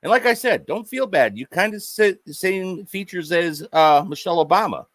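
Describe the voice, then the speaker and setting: Sarcastic man ranting, bright lively voice. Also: sits high, normal speed, dry recording. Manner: mocking, profane, keeps jabbing at an unseen "sir". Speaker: vlogger. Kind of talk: sarcastic monologue to the camera.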